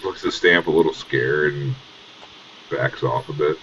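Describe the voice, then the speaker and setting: Very deep-voiced male game master. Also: steady tone, a little slow, background noise. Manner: casual and rambling, many fillers. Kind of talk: narrating a tabletop game. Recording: dull lo-fi audio.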